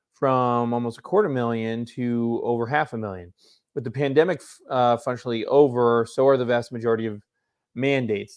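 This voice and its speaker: A man casually commenting on political news, reading articles aloud in quick bursts and then stopping for drowsy, low-key asides. His pitch sits in the middle of the usual male range, and he yawns from time to time. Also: a little mellow.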